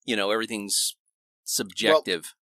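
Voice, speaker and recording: A man's voice: on the low side, normal speed, pushed and bright, no echo, studio quality. A man co-hosting a casual bourbon podcast, chatty, with jokey asides and hedged opinions. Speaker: podcast co-host. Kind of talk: casual bourbon tasting chat.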